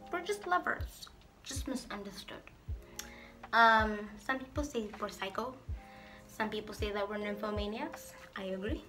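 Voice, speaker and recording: A woman's voice: on the high side, bright, forceful tone. A woman vlogger chatting casually through a get-to-know-me Q&A, reading out each question and answering it in a playful, talkative way.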